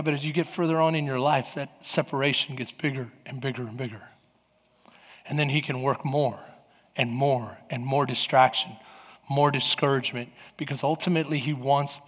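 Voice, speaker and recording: A male pastor preaching a sermon in an animated way, acting out the voices of people in his story. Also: mid-range voice, husky, in a large hall.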